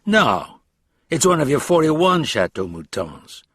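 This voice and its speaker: A man's voice: on the high side, very animated, slow pace, breathy edge, no echo, clean studio sound, pitched above the performer's own voice, full character voice. A man voicing a smug, wealthy American man with a slight New York accent, speaking in a pointed, edged way.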